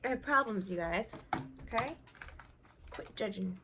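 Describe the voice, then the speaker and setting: A woman's voice: medium pitch, lively intonation, a little slow, noisy background. A young woman chatting casually while she tests makeup, joking about herself as she works. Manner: chatty, self-deprecating, talks while applying makeup. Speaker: beauty vlogger. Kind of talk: casual makeup tutorial chat.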